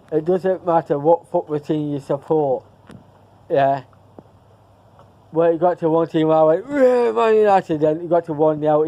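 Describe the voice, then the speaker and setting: A man's voice: a little high, dull audio. A man chatting casually to camera in a vlog, rambling and repeating himself as he loses his thread. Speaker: vlogger.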